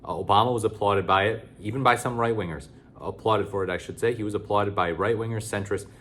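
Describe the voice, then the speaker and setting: Sarcastic low-voiced male commentator. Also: fast, a bit bright, slight background noise. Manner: sarcastic, blunt, with frequent fillers and restarts. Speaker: political commentator. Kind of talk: casual opinion commentary.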